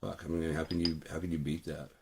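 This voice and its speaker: A man's voice: very deep voice, flat delivery, fast, creaky, very noisy. A man talking casually while streaming, rambling and swearing with many fillers. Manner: rambling, profane, lots of fillers. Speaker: music producer streaming. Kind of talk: casual chat.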